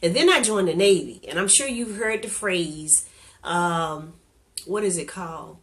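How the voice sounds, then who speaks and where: A woman's voice: on the low side, measured pace, a bit bright. A woman sharing a personal testimony in candid, conversational storytelling, earnest and openly emotional.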